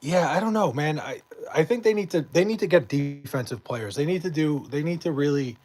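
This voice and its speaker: A man's voice: on the high side, expressive, fairly quick, darkish tone. A man chatting casually on a live stream, reading and answering chat messages in a rambling, swearing way, his voice mostly gone so he half-whispers.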